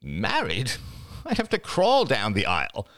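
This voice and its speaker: A man's voice: on the low side, huge pitch swings, measured pace, fairly bright tone, no room sound, full character voice. A man reading an audiobook, voicing a wary middle-aged woman who asks dry, probing questions. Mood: incredulous. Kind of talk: audiobook character voice.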